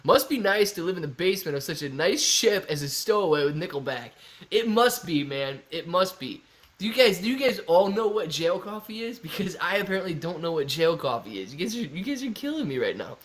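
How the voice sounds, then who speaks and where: A man's voice: high-pitched, very animated, a little fast, a bit bright. Jokey young man hosting a livestream. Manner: jokey, reads viewer comments aloud. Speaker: livestream host. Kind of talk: casual livestream chat.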